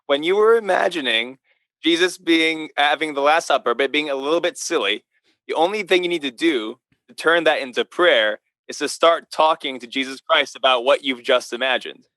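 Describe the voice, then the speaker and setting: A man's voice: on the high side, moderate pace, pushed and bright, no echo. A man, a priest, co-hosting a podcast in casual chat, teasing and encouraging. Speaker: priest co-host.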